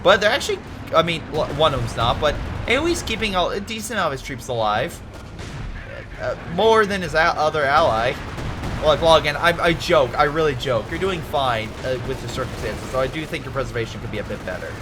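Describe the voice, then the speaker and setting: A man commentates a war-strategy replay in a casual, excitable way. His voice swings widely and sits a little high for a man. A clear hiss of background noise runs under the home recording. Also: brisk. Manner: animated, excitable, jokes and swears at the screen.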